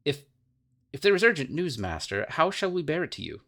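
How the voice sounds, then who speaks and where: A man's voice: low-pitched, animated, moderate pace, vocal fry, exaggerated voice. A man voicing a servile, fawning male demon king from game lore, read aloud with restarts.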